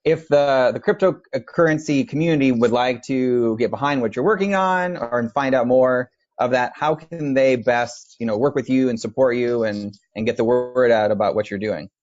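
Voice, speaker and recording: A man's voice: medium pitch, moderate pace, hardly any pauses, a little mellow. A man hosting an interview, polite, mostly giving short replies and thanks. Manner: polite, mostly brief agreement sounds. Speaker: podcast host. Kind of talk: casual interview. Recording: dull lo-fi audio.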